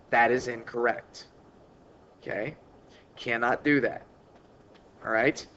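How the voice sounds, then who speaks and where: A man's voice: mid-range voice, steady tone, slow, pauses often, fairly bright tone, dull audio. A male math teacher explaining long division in an informal way, repeating key points for emphasis. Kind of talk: recorded math lesson.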